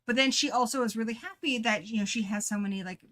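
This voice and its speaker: A woman's voice: fairly high pitch, quick pace, fairly bright tone. A woman co-hosting a book club chat, talking casually and animatedly and often laughing at herself.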